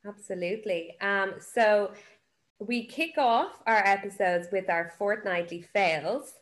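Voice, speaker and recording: A woman's voice: mid-range voice, takes it slowly. Cheeky young woman podcast co-host. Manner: cheeky, upbeat storytelling. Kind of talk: casual chat.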